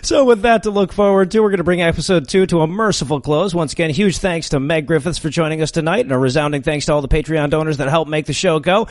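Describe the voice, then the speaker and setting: Fast, dry-sounding podcast host man. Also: on the high side, dry recording. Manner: brisk, wry, laughs often. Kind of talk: casual podcast chat and outro.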